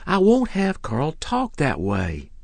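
A man's voice: fairly high pitch, wildly swooping pitch, slow, gravelly, darkish tone, dry recording, pitched above the performer's own voice, full character voice. A man voicing a middle-aged farm wife who is firm but kindly and motherly. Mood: scolding.

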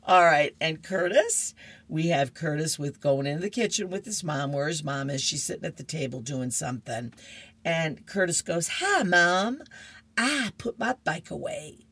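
Woman, radio reader, low husky voice, slow, chatty. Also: dry recording. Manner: chatty, laughing asides. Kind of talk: reading comics aloud.

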